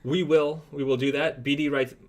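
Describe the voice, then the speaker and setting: Co-hosting a brand live stream, this Toronto-accented Canadian speaks at normal speed in a slightly high, level voice. He reads viewer comments and chats loosely, rambling, filling pauses, and restarting sentences often.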